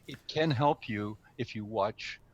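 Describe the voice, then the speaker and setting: A man's voice: on the low side, a little slow, slight background noise. A conversational man giving speaking advice. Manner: conversational, with frequent ums and self-corrections. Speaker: guest speaker, speaking coach. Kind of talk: casual instructional talk. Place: live stream studio or room.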